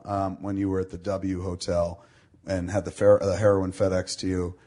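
A middle-aged man hosting a casual talk show, telling a long anecdote with a fairly low voice. He swears often and animates the story by quoting the people in it. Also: flat delivery, fairly quick, mellow. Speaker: podcast host.

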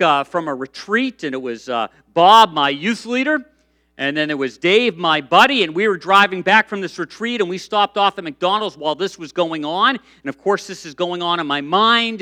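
A middle-aged man preaching a sermon, telling stories in a lively way with frequent restarts and fillers. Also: high-pitched. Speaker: pastor.

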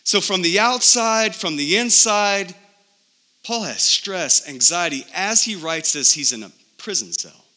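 A man's voice: high voice, expressive, a little slow, pushed and bright. A man preaching a sermon as a pastor, emphatic and full of rhetorical questions. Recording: long reverb of a large hall.

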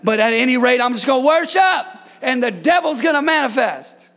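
In church, a male pastor with a very high, gravelly voice preaches briskly to his congregation with lively intonation. He shouts his key points for emphasis and drifts into playful, joking asides between them.

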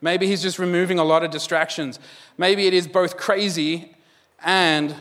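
A man delivers a sermon in a loose, conversational way, dropping in jokes as he goes. His voice sits a little high for a man. It rings out with the long reverb of a large hall. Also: fairly even intonation, normal speed, fairly bright tone. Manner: conversational, joking asides with laughs. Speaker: pastor.

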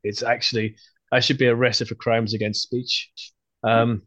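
A man's voice: mid-range voice, level tone, moderate pace, fairly bright tone, no echo. Joking man hosting a podcast. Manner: joking, teasing banter. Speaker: podcast host. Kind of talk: casual podcast chat.

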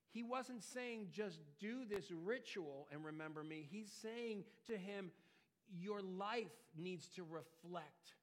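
A man preaching a sermon, earnest, swelling louder and dropping quiet for emphasis. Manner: earnest, rises and falls in pitch and loudness for emphasis. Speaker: pastor.

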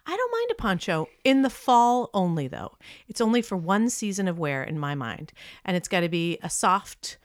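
A woman co-hosting a casual podcast chat, chatty and quick to laugh, filling her talk with 'like'. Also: mid-range voice, sing-song, dry recording, clean studio sound. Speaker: podcast co-host.

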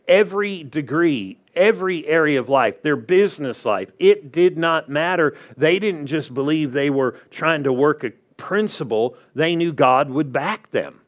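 A man preaching a sermon in a conversational way, often checking in with the congregation. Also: a little high. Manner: conversational preaching, asks the crowd "are you with me". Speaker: pastor.

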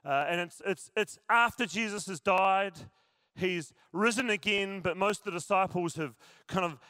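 A pastor, a man preaching to his congregation in a high, bright voice. He is jokey and chatty and keeps talking to the crowd. The sound is close and dry, with no room echo. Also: moderate pace, clear, resonant tone. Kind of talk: sermon. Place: church service with a congregation.

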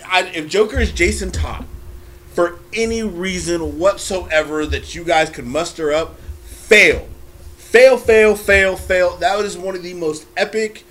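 A man's voice: high voice, moderate pace. A man co-hosting a casual chat, talking in an earnest, emphatic way with hesitant fillers.

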